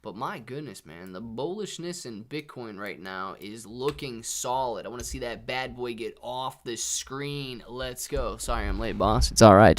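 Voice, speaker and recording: A young man hosting a live trading stream, excitedly thanking viewers by name between bursts of market commentary, a little out of breath. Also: mid-range voice.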